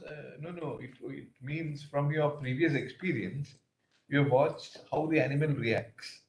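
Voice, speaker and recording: A man, a judge questioning counsel in a probing, thinking-aloud way with many fillers. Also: medium pitch. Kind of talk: courtroom questioning. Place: large courtroom. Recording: roomy courtroom audio.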